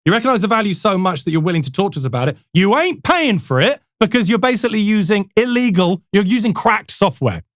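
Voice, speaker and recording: Lively high-voiced man telling stories. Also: fast, hardly any pauses, dry recording, studio quality. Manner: animated, laughs often, restarts. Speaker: guest salesperson. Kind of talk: casual storytelling.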